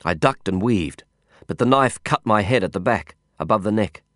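Low-voiced man narrating an audiobook. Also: expressive, fairly bright tone, no echo, studio quality. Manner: measured, intense storytelling. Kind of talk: scripted first-person narration.

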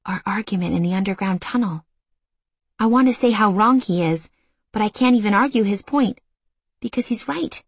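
A woman narrates a first-person audiobook with quiet intimacy, taking her time over each phrase. Her pitch sits in a middle range for a woman. The recording is dry and close, with no room sound. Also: husky, no echo. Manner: intimate, emotional, measured.

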